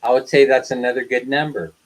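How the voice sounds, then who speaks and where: A man's voice: medium pitch, steady tone, a little fast, low-quality recording. An older man hosting a casual livestream, telling stories in a chatty way, laughing often and acting out what people said. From the West. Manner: chatty storyteller, laughs often, acts out quoted lines. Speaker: livestream host. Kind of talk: casual live chat.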